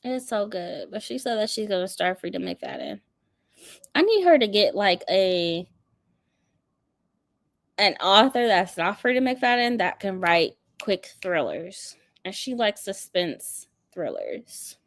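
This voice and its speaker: A woman's voice: medium pitch, very animated, slow, dry recording, clean studio sound. A woman hosting a book channel, chatting casually and animatedly with frequent laughter. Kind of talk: casual livestream chat.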